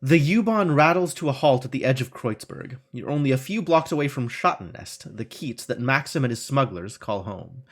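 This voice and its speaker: A man streaming a game, reading its text aloud and thinking out loud in a wry, self-mocking way. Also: medium pitch, lively intonation, moderate pace, few pauses.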